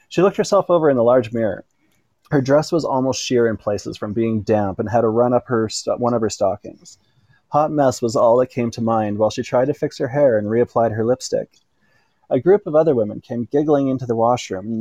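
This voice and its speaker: A man reading an erotic story aloud in an unhurried way, now and then stumbling and correcting himself. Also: medium pitch, mellow, no echo. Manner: unhurried reading with small slips and self-corrections. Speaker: narrator.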